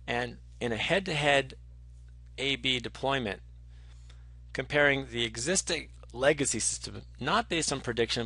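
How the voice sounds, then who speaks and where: A man lectures in a chatty, animated way, filling gaps with ums and restarting his sentences. His voice is bright and forceful, and it sounds dry and close, with no room echo. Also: medium pitch. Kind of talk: conversational lecture.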